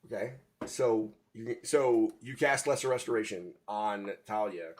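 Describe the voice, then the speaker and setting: A man's voice: on the low side, a little slow. A man narrating as game master, hesitant and searching for his words.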